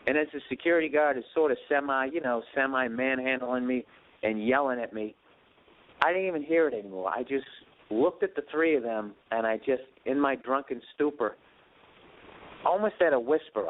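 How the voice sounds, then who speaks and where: A man's voice: mid-range voice, moderate pace. Man in his late thirties, podcast host, rambling profane storyteller, tinny narrow sound. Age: 30s. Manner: profane, self-deprecating, animated.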